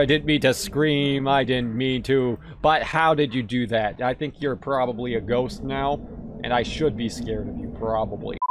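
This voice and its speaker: A man streaming video games, giving sarcastic, excitable commentary that bursts into shouts. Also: medium pitch. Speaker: gaming streamer. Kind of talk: casual gameplay commentary.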